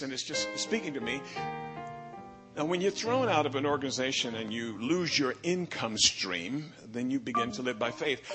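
A bishop in his sixties telling a personal story in a sermon, animated and imitating other preachers' drawling catchphrase. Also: medium pitch.

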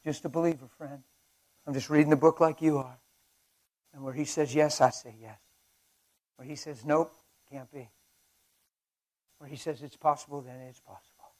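A man with a notably high voice preaches with fire, jumping from shouted exclamations to quiet, almost whispered lines. He laughs along with his audience and talks to them like old friends. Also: fairly even intonation, moderate pace, pauses often. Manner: impassioned, swinging between shouts and hushed asides. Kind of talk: fervent sermon. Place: men's breakfast at a conference.

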